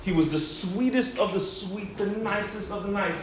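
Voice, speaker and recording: A man teaching a Torah class, telling stories in an animated way and acting out the voices he quotes. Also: high-pitched, moderate pace. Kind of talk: Torah lecture with storytelling. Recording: very echoey room, faint background hiss.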